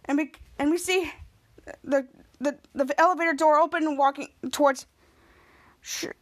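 A woman podcast host giving a casual, halting recap of a TV episode, full of restarts and repeats. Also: sits high, steady tone, no room sound. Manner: halting, repetitive retelling with many restarts.

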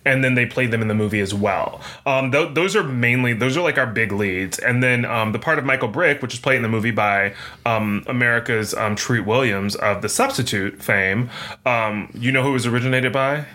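A man co-hosting a relaxed movie chat, his voice bright and tense with a forward edge. He digs into cast trivia, often stopping to hesitate with "um" before pressing on. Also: medium pitch. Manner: trivia-sharing, many "um" pauses. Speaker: podcast co-host. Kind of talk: casual movie-review chat.

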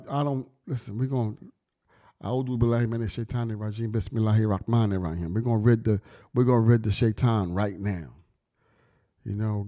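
A man's voice: lowish voice, mellow. A middle-aged man vlogging in casual, slangy street talk, telling stories emphatically and preaching to his listeners. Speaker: vlogger and brand owner.

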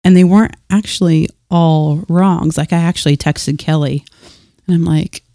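A woman's voice: on the low side, moderate pace, no room sound, clean studio sound. A woman in her thirties, a podcast guest chatting casually about faith, telling stories animatedly and acting out what people said. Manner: animated storyteller, acts out quoted dialogue; restarts and filler words.

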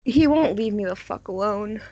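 A woman's voice: mid-range voice, animated, normal speed, mellow, dry recording. A woman in casual chat with friends, making dry, blunt remarks. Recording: dull lo-fi sound.

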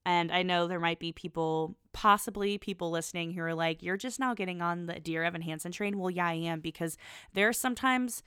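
A woman's voice: on the low side, fairly quick, fairly bright tone, clean tone, dry recording. Gushing, rambling young woman, dry close sound. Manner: rambling, gushing, many fillers and restarts. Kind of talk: casual chat, podcast monologue.

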